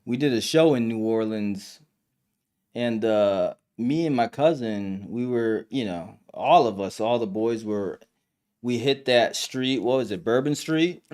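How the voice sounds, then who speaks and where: A young man chats on his live stream in a loose, slangy way, full of fillers and restarts. His voice sits at an ordinary middle pitch for a man, and he tells his stories the way he would to friends. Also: unhurried, a little mellow, smooth. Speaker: live stream podcast host. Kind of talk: casual live stream chat.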